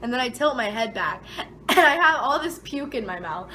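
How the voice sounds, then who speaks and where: Animated young woman telling a story. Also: normal speed, slight background noise, poor audio. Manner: animated, dramatic retelling with frequent "like" fillers; voice jumps high and loud when quoting herself. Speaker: vlogger. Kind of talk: casual storytime vlog.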